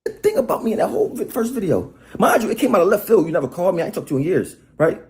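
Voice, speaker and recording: A man delivering a mocking, rapid-fire rant of trash talk. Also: high-pitched, wildly swooping pitch. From Harlem, New York. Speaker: rapper in played video clip. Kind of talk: animated insult rant.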